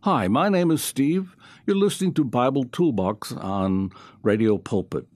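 A man's voice: medium pitch, very animated, a little slow, a little mellow, no room sound, studio quality. A man with a South African accent gives a conversational radio Bible teaching, repeating key phrases and asking rhetorical questions.

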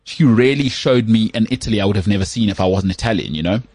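Husky man, lively host. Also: lowish voice, fast talker, no echo. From South Africa. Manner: animated storyteller, rambling with many fillers. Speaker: podcast host. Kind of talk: casual chat.

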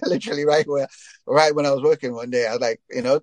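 A man from Trinidad tells stories in a loose, rambling interview, dotting his talk with "you know". His voice sits at an ordinary pitch for a man, recorded close and dry with no room sound. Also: steady tone, quick pace, no echo. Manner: rambling, frequent "you know" fillers, laughs while telling stories. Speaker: interview guest, reggae singer. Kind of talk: casual storytelling interview.

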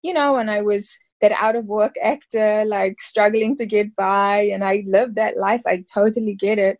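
A woman's voice: mid-range voice, steady tone, normal speed, darkish tone. A woman in her thirties from South Africa, an actress talking casually in an interview, rambling and full of fillers. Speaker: actress guest.

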